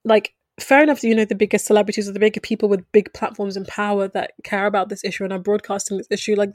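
Thoughtful woman chatting, even-paced, dry mic. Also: medium pitch, no room sound. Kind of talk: casual discussion.

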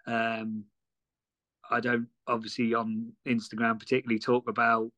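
A man's voice: mid-range voice, completely flat delivery, moderate pace, pushed and bright, no room sound. A man on a podcast as a guest, chatting in an easygoing, agreeable way and laughing along. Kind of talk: casual chat.

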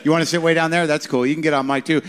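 A man hosting a live podcast taping, jumping in with quick questions. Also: fairly high pitch, fairly even intonation, clean tone. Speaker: podcast host. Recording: live crowd in the room.

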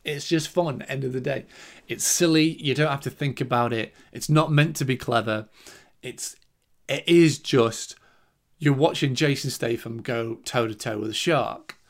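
A man's voice: mid-range voice, normal speed. A young man with an ordinary mid-range voice talks casually through a film review for his podcast. He rambles, laughs often and swears freely between fillers.

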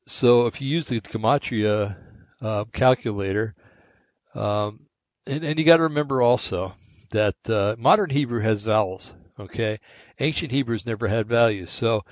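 A man's voice: fairly low pitch, dry recording. A man hosting a rambling, casual monologue, short of breath and slightly shaky, with many fillers and asides. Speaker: podcast host. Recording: dull, lo-fi and dry.

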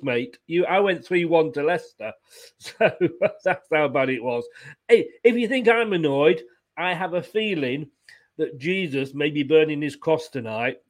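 A man hosting a fan post-match review, blunt and frustrated, swearing about his team's loss. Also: a little high. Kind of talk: casual chat.

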